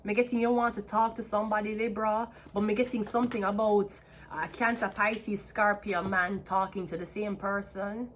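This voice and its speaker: A woman with a Jamaican accent giving a chatty tarot card reading, excitable and repeating herself. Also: mid-range voice, moderate pace, few pauses, slight background noise. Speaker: tarot reader. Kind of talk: casual tarot reading to camera.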